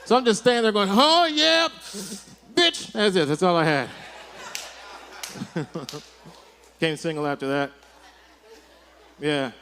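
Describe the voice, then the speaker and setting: A man doing a stand-up comedy set for a live audience, telling animated stories and tagging his lines with "right?". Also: a little high, brisk, long pauses, slight background noise.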